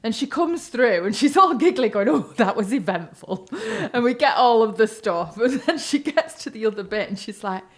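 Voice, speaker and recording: A woman's voice: on the high side, moderate pace, few pauses. A woman co-hosting a podcast, telling a comic story with lots of laughter and acted-out quotes. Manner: animated anecdote-telling, laughing often, acting out quotes. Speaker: podcast co-host. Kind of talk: casual chat, storytelling.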